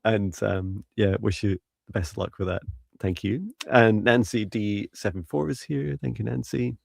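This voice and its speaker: A man's voice: on the low side, moderate pace, creaky, no room sound, studio quality. A man giving psychic readings on a live stream, talking hesitantly with many fillers and restarts. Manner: laughs lightly at his own slips. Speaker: psychic reader and co-host.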